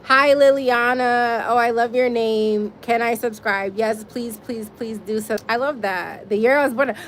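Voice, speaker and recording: A woman's voice: on the high side, normal speed, a little hiss or hum. A woman in her forties from Massachusetts, hosting a casual livestream and chatting with viewers by name. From Springfield, Massachusetts, US. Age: 40s. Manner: chatty, reads viewer names aloud and laughs often. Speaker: livestream host. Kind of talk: casual livestream chat reading comments.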